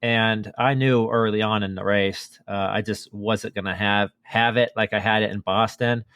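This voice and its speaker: A man's voice: lowish voice, fairly even intonation, normal speed, a bit bright, clean tone, dry recording. A man chatting casually as a podcast guest, telling a running story with lots of fillers and restarts. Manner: enthusiastic storytelling with many fillers. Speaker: podcast guest, marathon runner. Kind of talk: casual chat.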